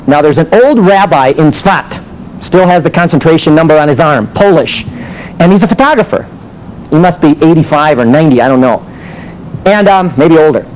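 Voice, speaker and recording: Lively man teaching with rhetorical questions. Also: fairly high pitch, slight background noise, low-quality recording. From United States. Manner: animated storytelling with rhetorical questions. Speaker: teacher and minister. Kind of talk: teaching sermon.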